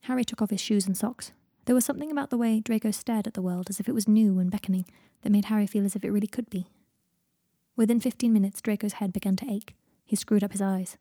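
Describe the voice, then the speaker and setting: Mellow, husky woman reading a story. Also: medium pitch, quick pace, dry recording, studio quality. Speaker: audiobook narrator. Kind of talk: fan fiction audiobook narration.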